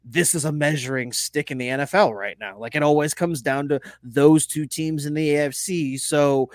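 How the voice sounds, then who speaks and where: A man's voice: on the high side, moderate pace, no echo. A man co-hosting a casual sports podcast, arguing his point hard and swearing freely. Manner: animated, swearing, argues hard. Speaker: podcast co-host.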